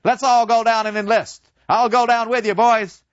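A man's voice: very high voice, flat delivery, normal speed, no room sound, muffled recording, pitched above the performer's own voice. A man voicing a stern older schoolteacher who lectures boys with patriotic fervor. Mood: urging. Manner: rousing, hectoring.

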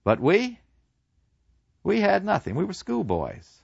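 A man's voice: sits high, wildly swooping pitch, slow, gravelly, breathy edge, no room sound, highs cut off, voice pushed up, heavily acted. A man doing a weary young soldier. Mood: reflective.

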